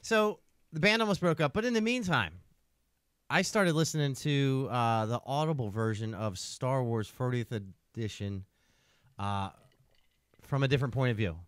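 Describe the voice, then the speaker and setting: A man's voice: mid-range voice, normal speed, fairly bright tone, clear, resonant tone, dry recording. Rambling storyteller man, dry close sound. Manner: rambling storyteller, tags lines with "right?". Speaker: podcast host. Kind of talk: casual podcast chat.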